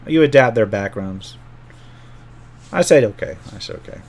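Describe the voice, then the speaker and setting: A man's voice: on the low side, expressive, normal speed, a little mellow. A middle-aged man, a game master, casually telling a rambling story from an old tabletop game and often correcting himself as he goes.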